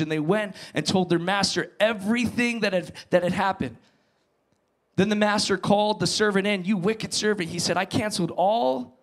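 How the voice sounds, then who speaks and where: A male pastor preaching to his congregation, retelling a parable with dramatic emphasis and quiet asides. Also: a little high. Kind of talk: sermon.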